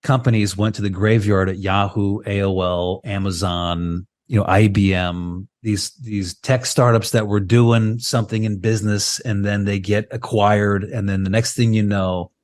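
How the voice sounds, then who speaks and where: A man with a lowish voice talks through a video call in a loose, animated podcast chat. He keeps tagging his points with a quick "right?" and rolls from one idea to the next. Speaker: podcast co-host. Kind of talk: casual chat.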